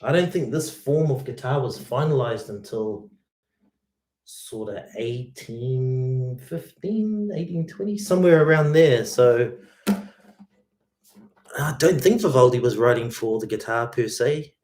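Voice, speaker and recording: On a guitar livestream, a male host with a mid-range, slightly mellow voice reads out viewer comments at a measured pace. His laid-back chat is full of "man" and "mate," and there's a bit of background noise.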